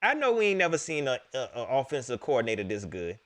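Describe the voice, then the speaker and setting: Animated, bright-voiced sports fan man. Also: mid-range voice, quick pace, hardly any pauses. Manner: animated, repeats himself, laughs often; talks straight to viewers. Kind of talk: excited casual sports preview chat.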